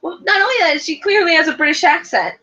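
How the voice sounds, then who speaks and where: A woman's voice: very high-pitched, lively intonation, fast, sharp tone. A woman in her thirties co-hosting a casual reality TV chat, blunt and teasing, swearing playfully. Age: 30s. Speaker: podcast co-host. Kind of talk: casual banter about reality TV. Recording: dull lo-fi home recording.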